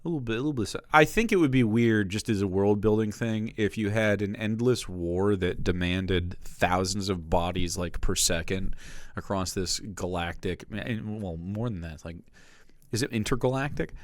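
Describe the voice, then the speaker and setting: A man's voice: lowish voice, moderate pace, dry recording. A man streaming a casual reaction commentary, profane and mocking, close to the mic.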